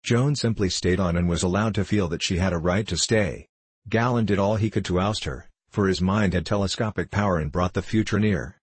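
A man narrates a novel with measured, even storytelling. His voice sits very low with a husky edge. The sound is dry and close. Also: no echo. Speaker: audiobook narrator. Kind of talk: scripted narration.

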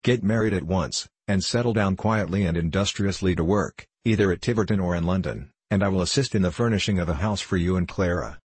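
An older father pleads with his son in slow, earnest, formal tones, as a man reads him in an audiobook. The voice sits low and husky. The recording is close and dry. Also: dry recording. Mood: pleading. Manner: earnest, beseeching, measured. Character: stern pleading elderly English father.

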